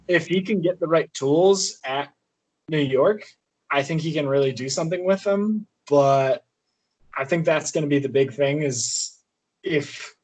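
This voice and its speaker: A young man co-hosting a sports podcast, talking in a relaxed, thoughtful way with many fillers. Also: a little high, poor audio. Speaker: podcast co-host. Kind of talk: casual sports chat.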